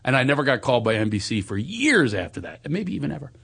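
Husky middle-aged man telling a story. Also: mid-range voice, fast talker. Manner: animated, self-mocking, laughs through his story. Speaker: actor and guest. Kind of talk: casual storytelling chat.

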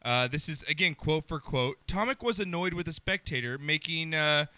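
Radio host guy, high pitch, super bright, jokey and quick. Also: animated, clear, resonant tone, dry recording. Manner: joking, quick, laughing often. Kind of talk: casual radio banter.

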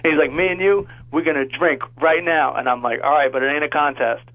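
A man's voice: on the high side, fairly even intonation, fairly quick, narrow, tinny audio, very noisy. A man in his thirties casually telling a rambling, profane story on a podcast, laughing along as he goes. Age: 30s.

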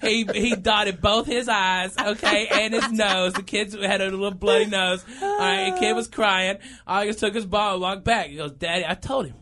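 A man in his thirties telling a funny story in a casual chat, animated and laughing through his lines, often saying okay and all right. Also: sits high, normal speed, hardly any pauses.

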